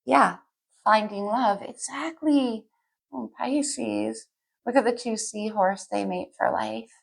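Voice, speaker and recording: A woman's voice: a little high, slow, creaky, breathy edge. A woman giving a casual tarot reading to camera, chatty and a little scattered, thinking aloud as she pulls cards. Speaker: tarot reader.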